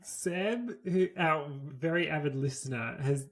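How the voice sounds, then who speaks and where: A man's voice: a little high, lively intonation, unhurried. Man reading a history tale. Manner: casual, swears freely, reads from notes. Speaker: podcast co-host. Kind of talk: reading a history story aloud, then casual chat.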